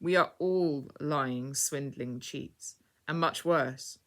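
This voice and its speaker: Stern, authoritative storybook knight who commands a crowd, read by a woman in a low, bright voice. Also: takes it slowly. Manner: firm, authoritative and loud.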